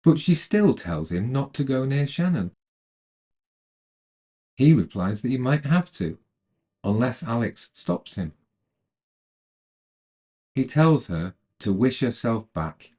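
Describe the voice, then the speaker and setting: A man narrating a retelling of a film's plot in a calm, measured way, then adding his own commentary. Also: mid-range voice. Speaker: storyteller retelling a film.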